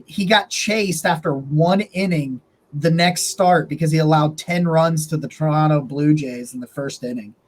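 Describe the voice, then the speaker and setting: A man's voice: fairly high pitch, normal speed. A man co-hosting a sports podcast, telling stories casually with lots of "like" and laughing as he talks. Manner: chatty, laughs through his stories, many "like" fillers. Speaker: podcast co-host.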